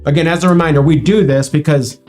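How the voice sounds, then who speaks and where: A man's voice: fairly high pitch, fairly even intonation, fast talker, a little mellow, soft background music. A young man, Spanish-speaking since childhood, telling stories in casual livestream chat and laughing often. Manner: chatty storyteller, laughs often. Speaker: co-host of livestream.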